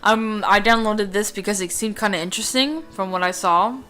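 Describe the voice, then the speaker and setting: A woman's voice: mid-range voice, a little fast, bright, forceful tone, soft background music. A woman hosting a let's play from a room at home, rambling casually and reading game text aloud. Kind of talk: casual gameplay commentary.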